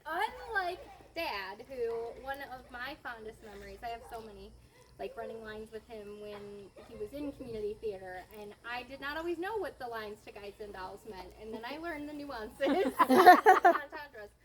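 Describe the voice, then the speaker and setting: A middle-aged woman shares fond family stories at a gathering, chatty and quick to laugh as she wanders between memories. Her voice sits a touch high, and steady noise hums beneath her in the recording. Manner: chatty, laughs often, rambling storytelling. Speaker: family member giving a tribute. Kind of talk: heartfelt spoken tribute at a family gathering. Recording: noisy background.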